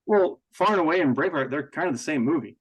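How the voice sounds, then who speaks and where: Podcast host guy, kinda high voice, goofy easy banter. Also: expressive, fast talker, breathy edge, rough recording. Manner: playful, easygoing banter. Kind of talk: casual podcast chat.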